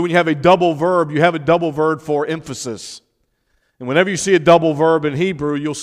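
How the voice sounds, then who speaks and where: Recorded with a big-room sound, a man with a higher-pitched voice delivers a sermon as pastor. He emphasizes key words by drawing them out, and in between he speaks casually with the congregation.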